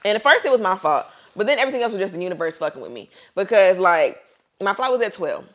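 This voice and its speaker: A young woman co-hosting a podcast tells a long story in casual conversation, speaking at a quick pace in a medium-pitched voice. She's an animated storyteller who swears freely and acts out what people said.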